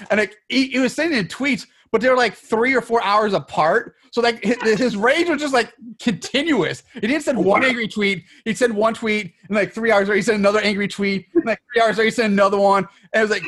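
High voiced guy on a podcast, rambly, amused, lots of likes. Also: a little fast, fairly bright tone. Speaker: podcast co-host. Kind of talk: casual chat.

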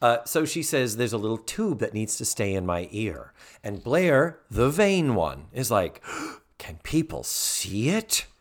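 Animated man recapping a TV episode. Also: on the low side, unhurried, hardly any pauses. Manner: animated, mimics characters' lines in recaps. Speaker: podcast co-host. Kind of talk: casual episode recap chat.

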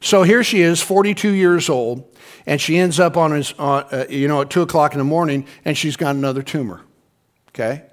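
A male pastor preaching in a relaxed, storytelling style with a fairly high voice. He keeps asking the congregation to answer back. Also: a little fast. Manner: conversational storytelling, calls on the congregation to respond. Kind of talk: sermon.

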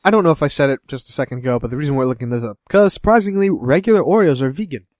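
A man co-hosting a casual podcast, quick to laugh and crack jokes. His voice sits at an ordinary middle pitch, recorded close and dry with no room sound. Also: lively intonation, darkish tone, no room sound. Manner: jokey and giggly, rambling asides. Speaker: podcast co-host. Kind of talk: casual chat.

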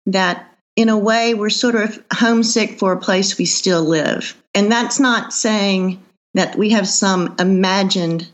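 A woman, chatting as a cookbook author guest in an interview, laughing easily and trailing off with fillers. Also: on the low side. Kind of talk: casual interview chat.

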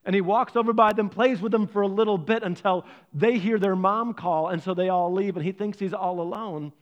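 Pastor, male, high-pitched, preaching with lively humor. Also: a little fast, muffled recording. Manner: lively storytelling, playful asides to the congregation. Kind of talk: sermon.

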